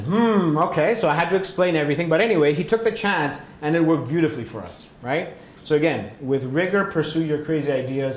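Lecturing man, echoey hall. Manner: explanatory, frequent "right?" and "okay?" check-ins. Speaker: science lecturer. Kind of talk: public science lecture. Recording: echoey hall, faint rumble.

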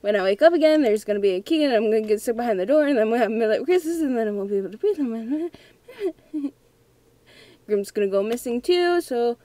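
A woman's voice: fairly high pitch, expressive, very fast, few pauses, mellow. A young woman playing a scary game at home, talking nervously and giggling to herself. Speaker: gamer. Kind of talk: let's play commentary.

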